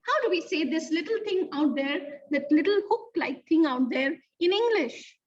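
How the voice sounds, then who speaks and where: A woman's voice: very high-pitched, animated, normal speed. A woman teaching young children a lesson, talking expressively and asking the listeners questions. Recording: distant, dull mic sound.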